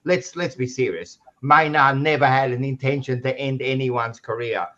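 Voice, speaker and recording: A man's voice: mid-range voice, fairly even intonation, moderate pace, bright, forceful tone, highs cut off. An Australian man hosting a casual sports podcast, rambling and blunt, often restarting his sentences. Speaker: podcast host.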